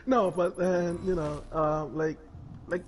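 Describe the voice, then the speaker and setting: A man's voice: high voice, fairly even intonation, takes it slowly, slight background noise, low-quality recording. A man telling a story in casual chat on a stream, crude and rambling, laughing as he goes.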